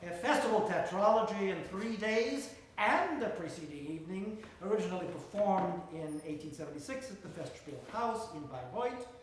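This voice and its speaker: Man presenter, fairly high voice, dry deadpan wit, live comic lecture, distant mic in an echoey room. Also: moderate pace, few pauses, a little hiss or hum. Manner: dry, wry, deadpan asides. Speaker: host of a music comedy lecture. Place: concert room with a live audience. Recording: echoey room recorded from afar.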